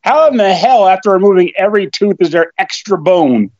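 A man's voice: sits high, expressive, a little fast, darkish tone, no room sound, lo-fi sound. A man co-hosting a casual podcast, teasing, swearing and laughing easily. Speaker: podcast co-host.

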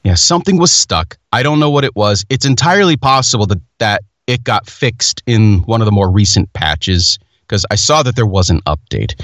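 A man's voice: on the low side, lively intonation, normal speed, hardly any pauses, a bit bright, no room sound. A man hosting a casual chat, telling rambling stories with self-mocking humor.

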